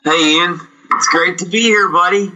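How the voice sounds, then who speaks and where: A middle-aged man from Canada, a guest actor telling lively anecdotes and acting out quoted dialogue. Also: high-pitched, normal speed, low-quality recording. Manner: animated, acts out quoted dialogue. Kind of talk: casual storytelling interview.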